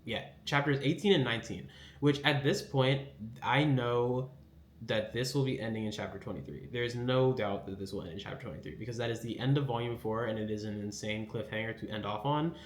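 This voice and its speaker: A man's voice: mid-range voice, brisk, reverberant. A man hosting a casual anime recap, rambling with lots of fillers and acting out quotes.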